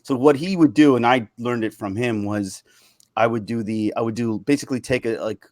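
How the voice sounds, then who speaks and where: A man hosts a relaxed podcast chat and explains at length how impressions work. His voice swings between high and low for emphasis, recorded close and dry with no room echo. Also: fairly quick.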